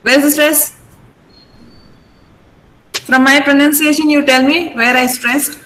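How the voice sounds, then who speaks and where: A middle-aged woman with an Indian English accent teaching pronunciation online, patiently repeating words slowly over a video call. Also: high-pitched, fairly even intonation, a bit bright, slight background noise, poor audio. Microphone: computer mic on a video call.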